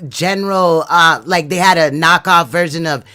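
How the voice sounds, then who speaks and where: A man's voice: on the high side, normal speed, sharp tone, clean tone. A man hosting a livestream panel, talking loosely and laughing as he tells stories in slangy casual chat.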